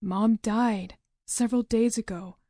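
A woman reading a dazed, halting younger brother in a storybook, voicing the boy in her own slow, mellow tone, trailing off mid-sentence. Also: on the high side, steady tone, no room sound, clean studio sound. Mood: shaken.

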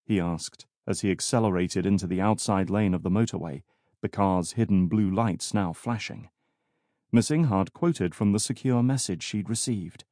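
A man narrating an audiobook in measured, scripted storytelling. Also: lowish voice, mellow, no echo. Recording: dry studio recording.

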